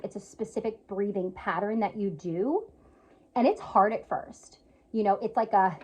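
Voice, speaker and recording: A woman's voice: medium pitch, darkish tone. A young woman earnestly telling a personal story in casual vlog style, emotional and full of fillers. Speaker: yoga teacher and spiritual healer sharing a personal story. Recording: slightly dull lo-fi sound.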